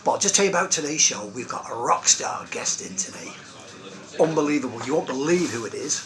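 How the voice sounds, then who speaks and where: Brief: upbeat male comic host, lively singsong voice, noisy pub crowd behind. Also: fairly high pitch, fairly quick. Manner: cheery, rambling one-liner delivery. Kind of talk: joke-telling pub comedy. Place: busy pub.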